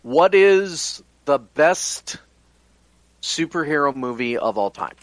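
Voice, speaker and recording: A man co-hosting a casual podcast, explaining his points in a measured way. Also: fairly high pitch, sing-song, no room sound. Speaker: podcast co-host.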